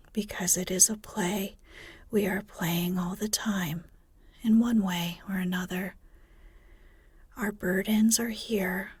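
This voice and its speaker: A woman voicing a gentle, wise mother of four girls in a measured whisper, as whispered role-play. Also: medium pitch, breathy edge, no echo.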